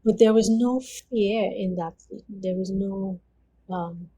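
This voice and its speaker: Earnest woman with a mellow voice. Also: medium pitch, a little slow, slightly rough, low-quality recording. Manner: earnest, conversational, frequent 'you know' fillers. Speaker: interview guest. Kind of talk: personal testimony storytelling.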